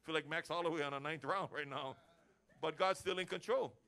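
Man, pastor, sermon, higher-pitched, energetic, forceful. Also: fairly quick. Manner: energetic preaching, acting out everyday chats. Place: church service.

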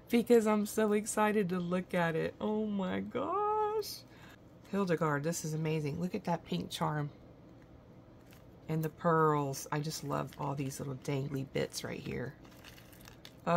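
A woman's voice: deep voice, creaky, slight background noise. A woman hosting a craft vlog, gushing with admiration as she shows off handmade gifts indoors. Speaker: craft channel host. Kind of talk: show-and-tell unboxing vlog.

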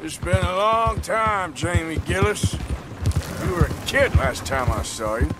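An actor playing a weary middle-aged male outlaw in a video game, speaking in a gruff, dryly sarcastic drawl. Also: sits high, very animated, measured pace, heavy background noise. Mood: wry. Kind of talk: video game cutscene dialogue. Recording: loud game score behind the voice. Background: game music and horses.

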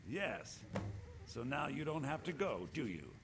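An actor playing a harried, defensive male shopkeeper in a fantasy game, brisk and businesslike. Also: medium pitch, sing-song, a crowd in the background. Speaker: game character. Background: game music.

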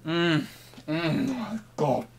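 A man hosting a comic vlog, playful and mock-grandiose, jumping between loud outbursts and hushed murmurs, at times talking while chewing. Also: a little high, big pitch swings, very slow, gravelly, slight background noise. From United Kingdom. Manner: talks while chewing an apple. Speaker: online reseller and channel host.

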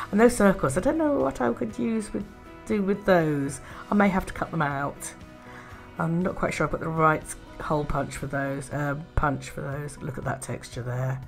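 A woman chatting casually in a craft haul video, gushing with soft admiring murmurs and little laughs. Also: low-pitched, gravelly. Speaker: art and craft vlogger.

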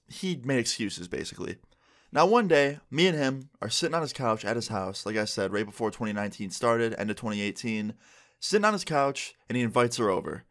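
A young man narrating a casual storytime for his channel. He talks in an animated, chatty way and leans on fillers. His voice sits at an ordinary middle pitch. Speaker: vlogger.

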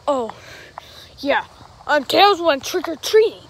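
A woman in a playful toy-play vlog, halting with fillers and out of breath, outdoors on a hill. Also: high voice, gravelly, a bit bright.

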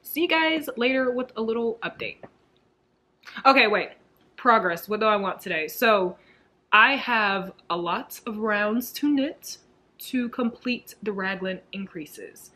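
Bright-voiced woman chatting casually on a vlog. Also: medium pitch, a little slow. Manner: chatty, giggly, gushing. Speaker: knitting vlogger.

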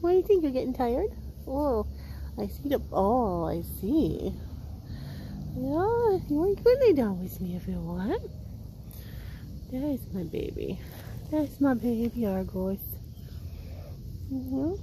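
A high-voiced woman coos at her dogs in a doting, unhurried way, her pitch swooping up and down. The recording is outdoors in a yard, with clear outdoor noise behind her. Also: big pitch swings, warm tone, rough recording. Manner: cooing, doting. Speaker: dog owner.

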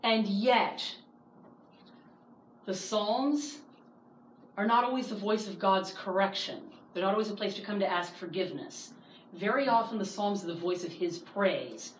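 A woman in her thirties teaching a Bible study class, lively and acting out the voices she quotes. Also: medium pitch, a little slow. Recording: echoey room, distant mic, faint hiss.

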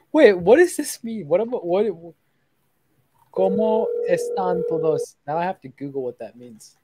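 A young woman hosting a casual live stream, excitable and jokey, swearing freely and teasing herself. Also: fairly low pitch, moderate pace, a little hiss or hum. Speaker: streaming host making sales calls.

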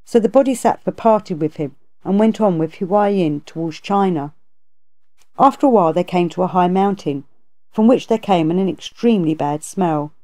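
A woman narrating a classic novel aloud in a measured, even way. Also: on the low side. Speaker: audiobook narrator. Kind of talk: storybook narration.

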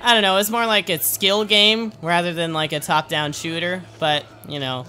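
Bright-voiced teen gamer, jokey. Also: male voice, high voice, fairly even intonation, moderate pace, slight background noise. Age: late teens. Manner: jokey, rambling, gasps and laughs while playing. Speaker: gaming YouTuber. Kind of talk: let's play commentary.

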